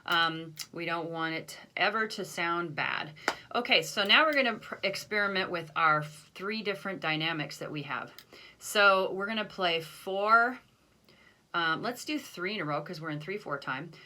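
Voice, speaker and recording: A woman's voice: fairly low pitch, normal speed, pushed and bright, slight background noise. A woman band teacher recording a video lesson, counting off beats and explaining patiently with self-deprecating asides.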